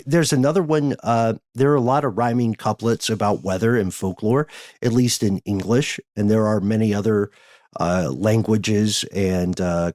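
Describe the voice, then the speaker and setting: Male podcast host, deepish voice, measured and wordy, dry studio sound. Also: darkish tone, dry recording. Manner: measured, wordy, explanatory with filler uhs. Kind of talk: casual podcast chat.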